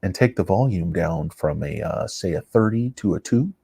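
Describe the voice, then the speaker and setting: A man hosting a stock investing channel, giving casual, rambling market commentary in an excitable, self-mocking way. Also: low-pitched, normal speed, gravelly, a little hiss or hum.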